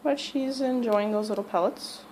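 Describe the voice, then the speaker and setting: A woman's voice: on the high side, moderate pace, a little mellow, a little hiss or hum, low-quality recording. A woman at home talking to her pet parrots and narrating, often cooing in baby talk to them. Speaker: pet vlogger.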